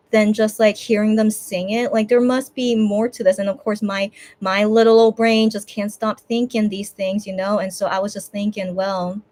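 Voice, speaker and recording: A woman streamer talking casually and tearfully to her viewers, rambling with many restarts and fillers. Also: medium pitch. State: teary, on the verge of crying. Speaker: streamer hosting a fan watch party. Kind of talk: emotional casual chat.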